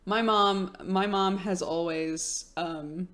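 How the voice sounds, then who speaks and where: A woman's voice: fairly low pitch, fairly even intonation, takes it slowly, a bit bright. A young woman streamer chatting casually with her live chat, telling stories with lots of fillers and giggles.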